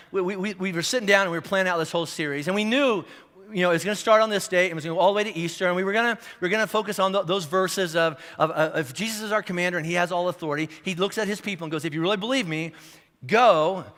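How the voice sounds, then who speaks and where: A middle-aged man preaching a high-energy sermon, his voice high and bright as he races through stammered restarts and bursts into shouting. The sound carries a long church-hall reverb. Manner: animated, repetitive restarts, rising to shouts. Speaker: pastor. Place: church auditorium.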